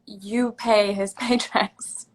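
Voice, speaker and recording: A woman's voice: mid-range voice, steady tone, extremely slow, rough recording. A woman hosting a casual live chat on a video call, adding short supportive remarks. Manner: supportive, short agreeing interjections. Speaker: host.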